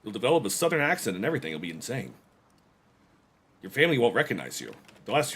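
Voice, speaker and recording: This man talks fast in a lowish, slightly bright, husky voice whose pitch swoops wildly, and he pauses often. He is playing a survival game on stream, chatting casually with viewers through rambling, self-mocking humor and jokey remarks to chat.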